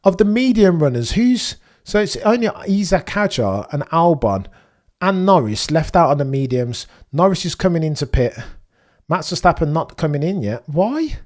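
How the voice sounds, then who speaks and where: A young man hosting a live race watchalong, chatting excitedly to his viewers and reacting with slang. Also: on the high side, normal speed. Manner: excitable, chatty, British slang, talks to chat. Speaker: livestream host.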